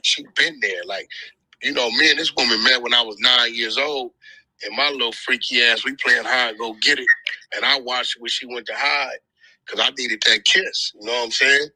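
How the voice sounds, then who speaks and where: A man's voice: mid-range voice, no room sound, low-quality recording. A man telling a long personal story in casual, profane street slang. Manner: profane, street slang, animated when joking. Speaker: storyteller guest on a group audio chat.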